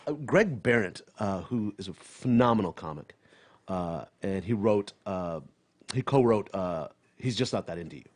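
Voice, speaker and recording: A stand-up comedian in casual podcast chat, blunt and profane, laughing often and trailing off with fillers. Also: male voice, low-pitched, expressive, normal speed.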